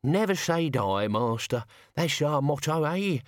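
A man's voice: on the high side, expressive, normal speed, no room sound, clean studio sound, voice pushed up. A man reading a storybook, voicing a blunt, cheeky old male servant who talks to his master.

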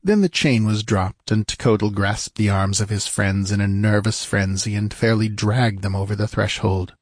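A man reading an adventure novel aloud as audiobook narrator, measured and even. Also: on the low side, no echo, studio quality. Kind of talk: scripted narration.

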